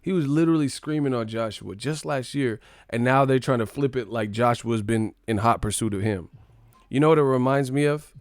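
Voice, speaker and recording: A man's voice: mid-range voice, a little fast, no echo, clean studio sound. Slangy young man streaming boxing talk. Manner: loose, joking, slangy, talks to chat. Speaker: live stream host. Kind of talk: casual live stream commentary.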